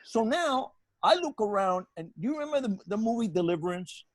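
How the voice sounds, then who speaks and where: Older man, comedian, storytelling, profane, animated, restarts, fairly high voice. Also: brisk, dry recording. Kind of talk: comic storytelling.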